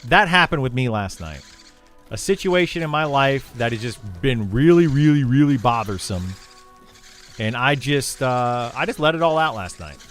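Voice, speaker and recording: Young male game streamer, easygoing and chatty, mid-range voice, faint music underneath. Loose and rambling delivery. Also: medium pitch. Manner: rambling, relaxed, many fillers and restarts. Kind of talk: casual livestream chat with viewers.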